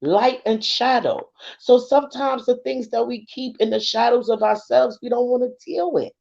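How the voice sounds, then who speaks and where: A woman's voice: a little high, fairly even intonation, moderate pace, creaky, a little mellow, lo-fi sound. A woman spiritual card reader in casual livestream talk, emotional and earnest, often checking that listeners follow her. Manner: emotional and earnest, keeps asking if you follow.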